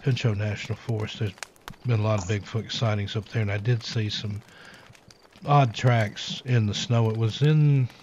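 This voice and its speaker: A man hosting, recalling an outdoor experience in a relaxed, rambling way. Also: on the low side, moderate pace. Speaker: host. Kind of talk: casual spoken story. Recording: dull lo-fi audio with faint hiss.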